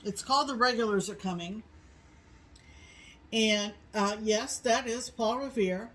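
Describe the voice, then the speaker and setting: Casting: middle-aged woman co-host, unhurried, meandering with ums, from New England. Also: a little high, poor audio. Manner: slow, rambling with many ums. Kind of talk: casual chat.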